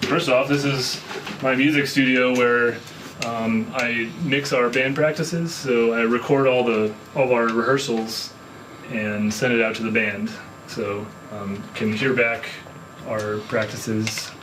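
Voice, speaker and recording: A man who plays bass and engineers his band's sound, giving an easygoing tour of his home studio and rehearsal space. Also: steady tone, a little slow, noisy background. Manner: easygoing, explanatory.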